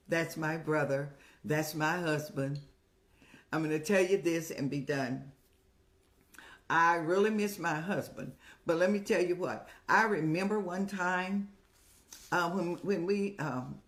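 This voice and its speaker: An older woman hosting an advice show, talking in a folksy, motherly, preaching way. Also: lowish voice. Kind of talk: casual advice talk.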